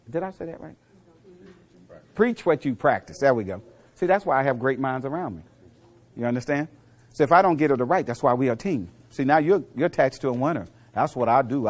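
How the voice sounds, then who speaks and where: A middle-aged man giving a motivational speech to a live audience, telling coaching stories and quizzing the crowd, dropping to low murmurs and then rising to loud punchlines. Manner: preachy storyteller, asks the crowd questions, swings from low murmurs to loud punchlines. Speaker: motivational speaker.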